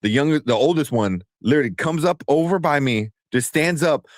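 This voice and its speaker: A man in his thirties co-hosting a casual movie news stream, telling family stories and acting out quotes in a high voice. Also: expressive, a little fast, no echo, clean studio sound. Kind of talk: casual chat.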